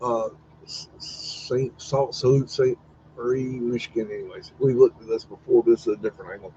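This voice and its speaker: Guy rambling on his stream, cussing and wondering out loud, kinda muffled lo-fi sound. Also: mid-range voice, steady tone, normal speed, slight background noise. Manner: rambling, profane, wondering aloud, teasing his dog. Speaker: live stream host. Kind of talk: casual live-stream commentary on old photos.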